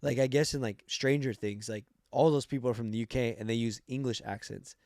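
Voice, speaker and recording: A young man from Arizona, a podcast guest telling travel stories in casual chat, animated and swearing, loudly acting out quoted voices. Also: mid-range voice, a little fast, no room sound, clean studio sound. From Arizona, United States. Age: young adult.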